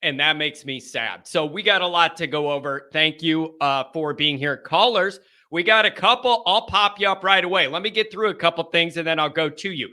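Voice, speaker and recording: A man hosting a live call-in sports show, energetic and playful, with a raspy voice stuffed up from his sinuses. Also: a little high, brisk, hardly any pauses. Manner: energetic and animated, playful rhymes. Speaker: host.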